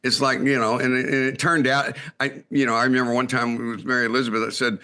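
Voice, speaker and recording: A man co-hosting a recovery talk show, telling anecdotes in a halting, restarting way. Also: medium pitch, little pitch movement, sharp tone, clean tone. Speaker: podcast co-host.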